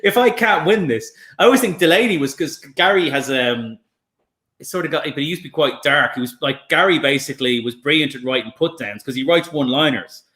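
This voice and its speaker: A man chatting as a guest comedian, telling lively anecdotes with swearing and restarts over a video call. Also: on the high side, brisk. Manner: animated storyteller, swears, restarts. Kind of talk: casual chat, anecdotes. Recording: echoey room.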